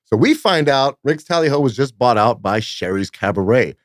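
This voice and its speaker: A man's voice: medium pitch, expressive, moderate pace, no echo, clean studio sound. A man from California, a nightclub promoter, telling long rambling, profane stories as a podcast guest. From Fresno, California. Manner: rambling, profane, peppered with "blah, blah, blah". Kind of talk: casual storytelling in a podcast interview.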